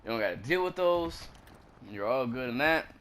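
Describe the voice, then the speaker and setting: A man's voice: mid-range voice, animated, normal speed, a bit bright, slight background noise. Laid-back man narrating a game walkthrough. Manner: laid-back, slangy, rambling asides. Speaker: gaming commentator. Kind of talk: casual walkthrough commentary over gameplay.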